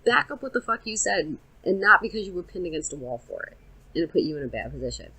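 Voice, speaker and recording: A woman's voice: lowish voice, very animated, quick pace, bright, forceful tone, breathy edge, low-quality recording. A woman co-hosting a podcast in casual chat, blunt and swearing a lot. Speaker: podcast co-host.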